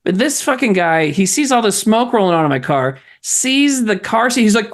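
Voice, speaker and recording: A man hosting a comedy podcast, telling stories in casual chat with an animated, profane manner. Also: high-pitched, normal speed, few pauses. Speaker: podcast host.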